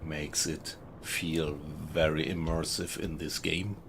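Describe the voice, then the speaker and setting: A man's voice: a bass voice, little pitch movement, slow pace, vocal fry, background noise. A man with a German accent, chatting casually to viewers while streaming a video game. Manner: chatty, thanks viewers, laughs often. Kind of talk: casual live-stream commentary.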